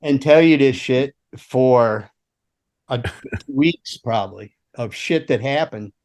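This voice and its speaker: A man's voice: mid-range voice, slow pace. A man telling loose, profane road stories from his years as a rock roadie. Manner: animated, profane anecdotes. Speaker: veteran rock roadie guest. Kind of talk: casual storytelling chat.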